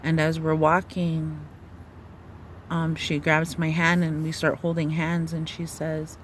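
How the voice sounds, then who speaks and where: A woman retelling a dream in a halting, searching way, with many fillers and restarts. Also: sits low, monotone, slight background noise. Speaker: storyteller. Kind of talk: personal testimony of a dream.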